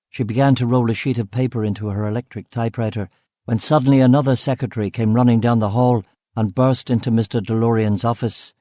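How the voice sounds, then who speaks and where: Guy reading a crime audiobook, steady mid voice, dry close sound. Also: medium pitch, fast talker, no room sound. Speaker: audiobook narrator. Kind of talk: first-person scripted narration.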